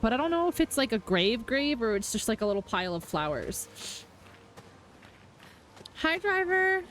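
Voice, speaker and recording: A woman's voice: a little high, very animated, fast talker. Chatty, emotional young woman streamer. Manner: chatty, emotional, filler-heavy. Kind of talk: casual game commentary. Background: game music.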